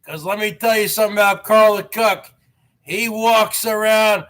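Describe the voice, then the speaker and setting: A man's voice: high voice, steady tone, normal speed, a bit bright. A man hosting a livestream show in a brash, boastful manner, taunting viewers. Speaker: show host. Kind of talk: livestream talk.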